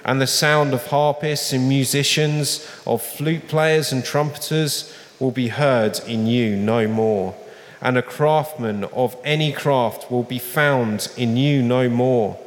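A man reading scripture aloud in a slow, solemn manner, lifting his voice for the quoted laments. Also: mid-range voice. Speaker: scripture reader. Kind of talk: public Bible reading. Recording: long reverb.

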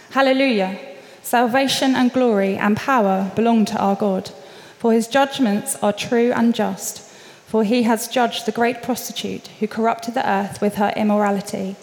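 A woman reading scripture aloud in a steady, measured way. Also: medium pitch. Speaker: scripture reader. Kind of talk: public Bible reading. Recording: long reverb.

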